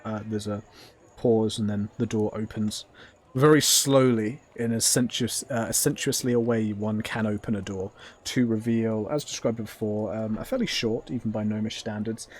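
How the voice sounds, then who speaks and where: A man's voice: on the low side, fairly even intonation, moderate pace. A man narrating a tabletop game as game master, descriptive and hesitant with frequent ums.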